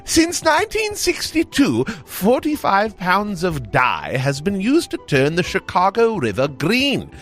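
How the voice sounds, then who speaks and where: A man on morning radio reads a jokey holiday segment in a mock-professorial tone. His pitch leaps all over the place, with a little music under him. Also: huge pitch swings, measured pace, hardly any pauses, a bit bright. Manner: playful, mock-professorial, laughing. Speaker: radio co-host. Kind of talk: comic scripted segment.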